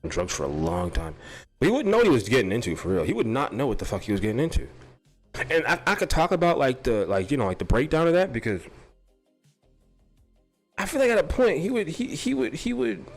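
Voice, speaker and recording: A man hosting his own show, rambling while high, repeating and tripping over his words and swearing often. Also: big pitch swings, brisk, faint music behind. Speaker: podcast host. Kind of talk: rambling stoned brainstorm.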